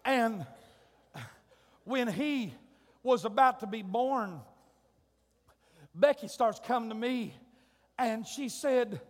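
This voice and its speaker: A man preaching a sermon, telling a comic family story in a folksy way, his voice rising to shouts and drawing out words for emphasis. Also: extremely high pitch, takes it slowly, pauses often. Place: church sanctuary. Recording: long hall reverb.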